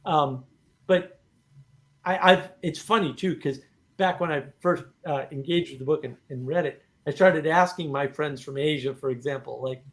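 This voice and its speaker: A man hosting a casual discussion, animated and talking in bursts with many "right?" asides. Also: on the high side, moderate pace. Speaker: host.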